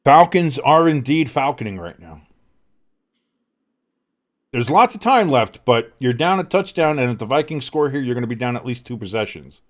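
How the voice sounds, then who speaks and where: Male host calling football play-by-play, casual, excitable, rambling. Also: medium pitch, normal speed. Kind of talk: live play-by-play commentary.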